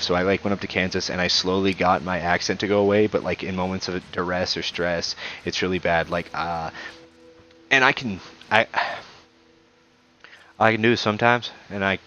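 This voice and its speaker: Very deep-voiced man rambling casually. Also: bright, forceful tone, lo-fi sound, a little hiss or hum. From American South. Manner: rambling, full of "like" and restarts. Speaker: gamer on a live stream. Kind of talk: casual chat while gaming.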